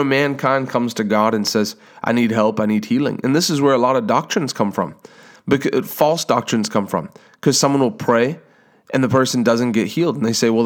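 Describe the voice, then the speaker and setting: Preaching a sermon, a man with a medium-pitched voice reads scripture aloud and prays earnestly, slowing down to stress certain words.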